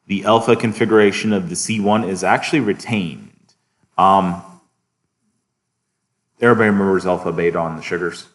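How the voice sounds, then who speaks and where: A man with a very low voice teaches a biochemistry class in a lecture hall. He talks in a relaxed way, often stops to ask the students if they follow, and chuckles at his own asides.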